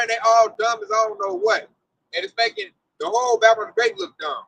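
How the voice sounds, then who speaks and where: A man's voice: extremely high pitch, brisk, vocal fry, husky, poor audio. A man leading a casual religious discussion, telling stories animatedly and acting out what people said. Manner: animated storyteller acting out quotes.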